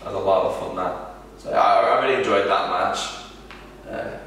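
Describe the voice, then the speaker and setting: A man, a wrestler, answering interview questions in a halting, casual way with many restarts. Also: sits low, fairly bright tone, a little hiss or hum. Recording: echoey room from far off.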